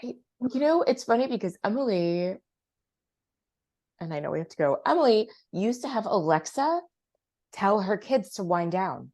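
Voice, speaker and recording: A woman's voice: medium pitch, lively intonation, normal speed, a little mellow. A woman co-hosting a podcast, telling wry stories in casual chat. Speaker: podcast co-host.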